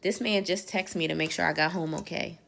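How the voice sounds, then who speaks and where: Lively storytelling woman in her forties. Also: lowish voice, a little fast, creaky. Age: 40s. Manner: animated, emphatic, acts out dialogue. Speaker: social media poster. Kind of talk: casual storytelling clip.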